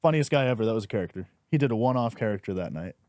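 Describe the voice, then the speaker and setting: A young man, a stand-up comic, telling animated stories in casual podcast chat and swearing freely. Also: fairly low pitch, very fast, no echo, studio quality. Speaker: stand-up comedian and podcast host.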